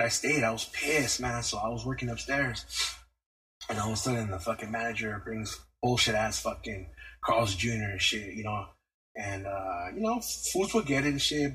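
Husky, profane man ranting. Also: medium pitch, fairly bright tone, poor audio. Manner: profane, slangy storytelling. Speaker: podcast host. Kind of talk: casual rant.

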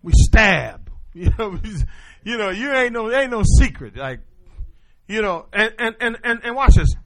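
A man's voice: high-pitched, moderate pace. A male pastor preaching a sermon, calling out questions to the congregation and answering them himself. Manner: call-and-response preaching, animated.

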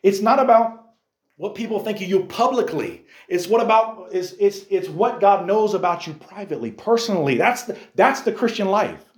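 A man preaching a sermon as a youth pastor, animated, firing rhetorical questions at a youth group. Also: high voice, moderate pace, echoey room.

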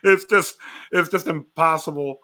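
A man from Illinois, co-hosting a casual podcast chat, talking in an animated way with lots of fillers and frequent laughs. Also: on the high side, measured pace. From Wilmington, Illinois, USA. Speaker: podcast co-host. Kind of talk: casual chat about a TV show.

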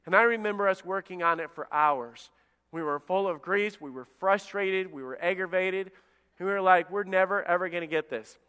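Pastor, male, preaching with a high, clear voice; long church-hall reverb. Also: normal speed. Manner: animated preaching, acting out voices of David and God. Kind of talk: sermon.

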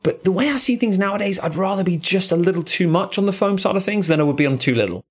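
Husky rambling podcast host. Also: male voice, high voice, lively intonation, fast talker. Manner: rambling, musing, with frequent "quote unquote" asides. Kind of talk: casual chat.

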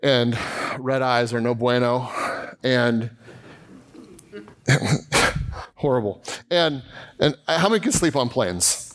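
A man's voice: mid-range voice, slow pace, pauses often. A male pastor preaching a sermon, telling a story in a chatty, self-deprecating way with laughs. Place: church.

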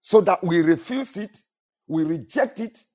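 A man with a somewhat high, husky voice preaches a sermon. He repeats his phrases and keeps asking the congregation to answer back. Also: animated, unhurried, a little mellow. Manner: repetitive preaching with call-and-response questions to the congregation. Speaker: pastor.

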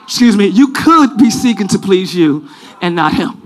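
A man preaching a live church sermon, leading the congregation in call-and-response and often shouting. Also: sits high, lively intonation, normal speed. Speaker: pastor. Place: large church sanctuary.

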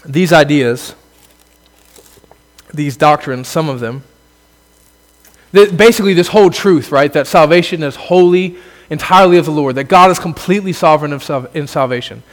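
A man preaching a sermon as a pastor, earnest, building to emphatic exclamations and then dropping low. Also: moderate pace, pauses often, in a large hall.

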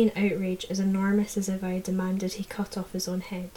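A woman narrating a fantasy audiobook in the first person, in a measured, low-key way. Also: completely flat delivery, mellow, low-quality recording.

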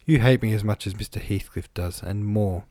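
A man's voice: lowish voice, normal speed, warm tone, no room sound, lightly acted. A man voicing a petulant, pleading young woman, in an earnest, coaxing storybook reading. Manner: earnest and coaxing, then tearful.

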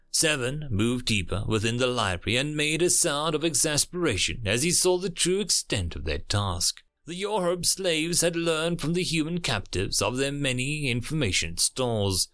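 A man reading a dramatic science fiction story aloud as its narrator, with an expressive reading style. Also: fairly high pitch.

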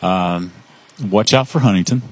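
An older man, a part-time sports photographer, telling stories in a relaxed interview. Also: deep voice, unhurried, no echo. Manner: chatty storyteller, repeats words when starting. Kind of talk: casual interview chat. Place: live show at a restaurant.

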